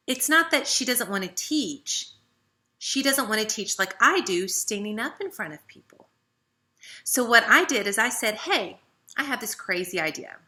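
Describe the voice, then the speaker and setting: A woman from the American South with a Southern accent, giving a chatty, animated motivational talk to her team as a leader. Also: a little high. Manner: chatty, animated, with frequent "right?" and "okay". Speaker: network marketing team leader.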